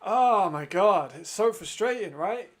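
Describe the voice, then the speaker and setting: A man with a high voice calls an American football game as he watches it. He is excitable, quick to laugh and swears freely, moving between play calls and loose chat. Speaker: football watch-along host. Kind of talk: excited live commentary and chat.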